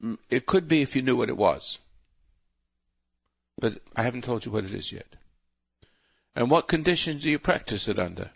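Gravelly preachy man hosting call-in radio. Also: medium pitch, expressive, normal speed, long pauses, dry recording, lo-fi sound. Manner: rambling, self-interrupting, preachy. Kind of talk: talk radio monologue.

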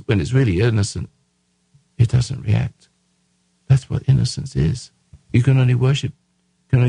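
A man hosting a radio talk show, delivering an emphatic, preachy monologue in a rough voice that he raises as he speaks. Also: mid-range voice, dark tone, no room sound. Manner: emphatic, raising his voice, preachy.

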